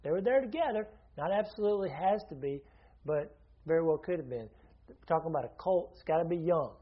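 Higher-voiced man preaching conversationally. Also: animated, fast talker, slightly rough, muffled recording. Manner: conversational teaching, asks listeners questions, frequent restarts. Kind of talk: sermon.

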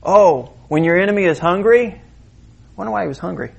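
Animated preacher with a lilt. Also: male voice, high-pitched, a little fast, gravelly, dull audio. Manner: conversational, animated preaching with direct questions to the congregation. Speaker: pastor. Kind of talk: sermon.

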